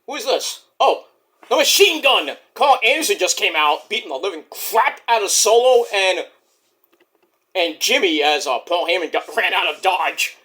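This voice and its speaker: A man's voice: high-pitched, lively intonation, moderate pace, bright, forceful tone, husky. A young man casually chatting about wrestling predictions, loose and profane, now and then imitating wrestlers. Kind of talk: casual chat.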